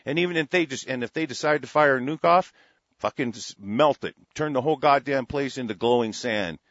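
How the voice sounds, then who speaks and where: A man's voice: mid-range voice, brisk, a bit bright, dry recording, dull audio. A middle-aged man ranting angrily about politics, swearing constantly and stumbling over restarts. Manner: angry, profane, stammering restarts. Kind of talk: profane political rant.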